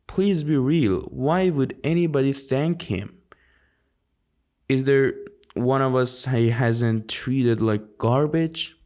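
A man's voice: mid-range voice, takes it slowly, a little mellow, voice pushed up, lightly acted. A man voicing an angry teen girl in a book reading, speaking sharply and indignantly.

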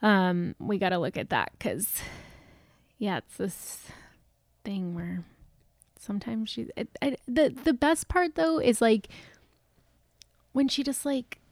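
A woman in her thirties co-hosting a podcast, chatting in an animated way. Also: medium pitch, slow pace, long pauses, no room sound, clean studio sound. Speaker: podcast co-host. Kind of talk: casual chat.

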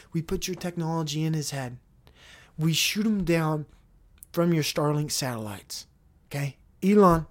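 A man hosting a solo podcast, rambling and joking with frequent profanity as he talks to himself. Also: on the high side. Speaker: podcast host.

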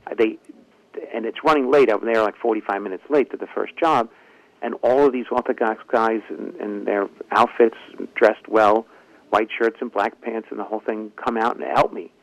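A man's voice: lowish voice, moderate pace, no room sound, rough recording. A man, a ventriloquist and comedian, telling a long story in an interview and acting out the lines of the people in it. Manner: lively anecdotal telling, acts out quoted dialogue.

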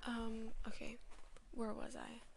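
Gravelly, slow-talking young woman. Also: fairly high pitch, monotone, a little hiss or hum. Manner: chatty, swears often, slips into whispers. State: voice feels off today. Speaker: student vlogger. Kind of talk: casual storytelling.

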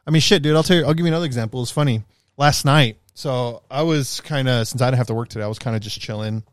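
Animated, profane male storyteller. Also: mid-range voice, fast talker, no room sound, clean studio sound. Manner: animated, profane storyteller who gets loud and laughs. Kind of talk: casual chat.

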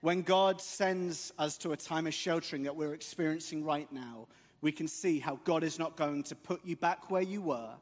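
A man's voice: on the high side, normal speed. A man preaching a sermon in church, earnest and emphatic with occasional light jokes. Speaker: guest preacher. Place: church sanctuary. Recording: long church hall reverb.

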